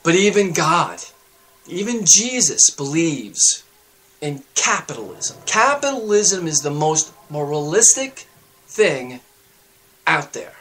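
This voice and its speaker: A man hosting his own show, delivering a heated political rant that swings up into loud, high outbursts. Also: big pitch swings, slow. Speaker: show host. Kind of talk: ranting political monologue.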